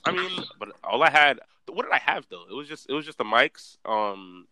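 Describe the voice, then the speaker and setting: A young man chatting casually, telling animated stories in slang. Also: medium pitch, normal speed, no echo. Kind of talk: casual chat.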